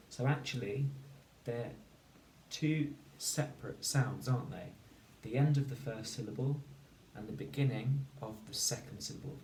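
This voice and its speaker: A man teaching a phonics lesson to children, slowly and clearly sounding out each word. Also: medium pitch, darkish tone. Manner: slow, clear sounding-out of words. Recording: echoey room, distant mic, faint noise.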